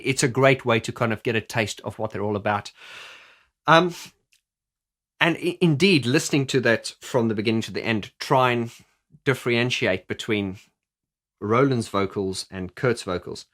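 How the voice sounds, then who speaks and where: Bright-voiced male vocal coach. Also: medium pitch. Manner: chatty, stumbling over restarts while explaining. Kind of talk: explanatory video commentary.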